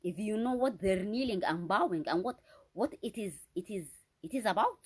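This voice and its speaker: A woman's voice: mid-range voice, animated, moderate pace, husky. A woman delivering an unscripted solo monologue, agitated and accusatory, often stopping to restart and repeat her words for emphasis. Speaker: vlogger.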